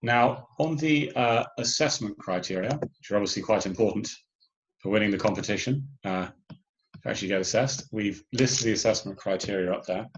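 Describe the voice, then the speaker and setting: A man's voice: on the low side, normal speed, dull audio, a little hiss or hum. A man organizing a hackathon, explaining the submission and judging rules in a loose online workshop briefing, full of fillers and restarts.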